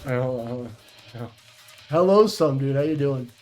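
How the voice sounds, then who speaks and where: A man's voice: medium pitch, lively intonation, fairly quick, a little mellow, faint music behind, poor audio. A man chatting casually on a livestream, blunt and profane, rambling with restarts. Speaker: streamer.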